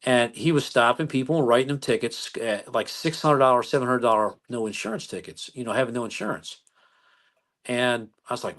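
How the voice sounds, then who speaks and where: A man's voice: medium pitch, fairly quick. A man in his sixties, a police chief from the United States, animatedly telling stories in an interview. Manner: animated storyteller who acts out dialogue. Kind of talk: storytelling interview.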